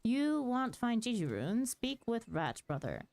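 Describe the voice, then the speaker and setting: A woman's voice: a little high, sing-song, measured pace, a little mellow. A woman doing a proud lizard-man warrior. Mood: stern, proud. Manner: broken, clipped speech, stern. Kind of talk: reading game dialogue aloud.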